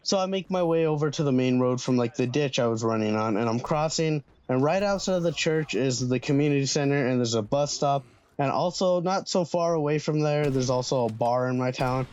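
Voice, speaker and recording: A man's voice: medium pitch, a little fast, a little mellow, clear, resonant tone, highs cut off. A young man telling a storytime vlog in a casual, slangy way, swearing freely. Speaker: vlogger.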